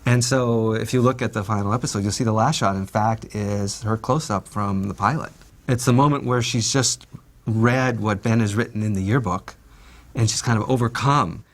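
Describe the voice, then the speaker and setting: A man's voice: on the low side, moderate pace. A man in an interview, composed and explanatory about a final shot.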